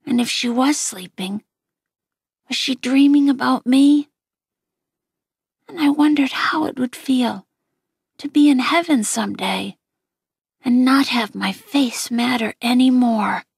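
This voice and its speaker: Slow, husky woman reading a novel quietly. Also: high-pitched, no echo, studio quality. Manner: quiet, gentle, often near a whisper. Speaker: audiobook reader. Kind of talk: first-person novel reading.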